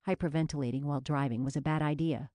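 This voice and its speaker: A woman with a low voice narrates an audiobook in a steady, measured way. The recording is close and dry, with no room sound.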